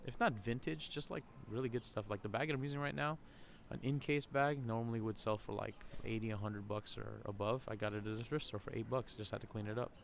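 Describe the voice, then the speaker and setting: A man's voice: lowish voice, quick pace, vocal fry, a little hiss or hum. A man hosting a podcast, talking casually and rambling at an outdoor shopping center, laughing often. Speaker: podcast host. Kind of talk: casual vlog monologue. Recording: faint crowd ambience outdoors.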